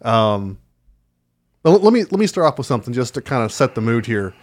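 A man's voice: medium pitch, very animated, a little fast. A man with a mid-range voice co-hosting a podcast. His talk is casual and wry, and it turns indignant easily. He speaks in an easy, conversational chat. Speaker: podcast co-host.

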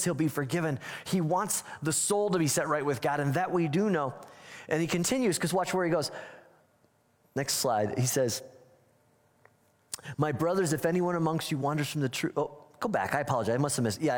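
A man giving a conversational sermon as pastor, joking and acting out little scenes. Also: mid-range voice. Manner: conversational, self-deprecating, acts out quotes. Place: church sanctuary. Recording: church hall reverb.

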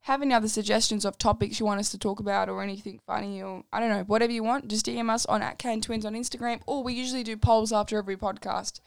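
A woman's voice: mid-range voice, fast talker, gravelly, hardly any pauses, no room sound. A young woman co-hosting a podcast with her twin, chatting casually and acting out scenes as she tells stories. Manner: animated storytelling, acting out scenes. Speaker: podcast co-host. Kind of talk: casual chat.

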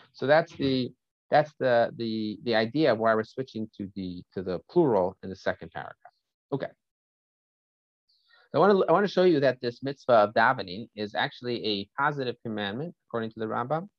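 A man's voice: medium pitch, no room sound, highs cut off. A man teaching a Torah lesson through a story, often stopping to check in with "right?" and "okay?" and restarting phrases as he thinks aloud.

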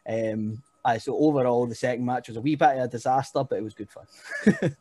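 A man's voice: mid-range voice, animated, a little fast, a little mellow, no echo. Brief: young Scottish guy, chatty guest storyteller, laughs a lot, dry close sound. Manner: rambling, laughing, keeps saying "you know what I mean". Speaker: guest, pro wrestler. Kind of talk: casual podcast chat.

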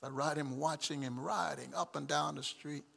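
A middle-aged pastor preaching a sermon, swinging from shouted emphatic calls to soft, chuckling storytelling. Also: male voice, fairly high pitch, fairly even intonation, moderate pace, creaky, breathy edge, big-room sound.

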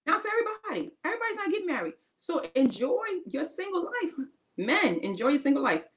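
This faith-based podcast co-host is a woman whose voice sits high and sing-song, moving quickly over crowd noise in poor audio. Her talk is casual and informal in grammar, full of emphatic encouragement and repeated key phrases.

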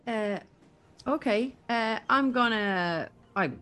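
A woman's voice: on the high side, takes it slowly, fairly bright tone, smooth. A woman playing a tabletop game, speaking hesitantly with many fillers. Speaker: player. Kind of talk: casual tabletop game play.

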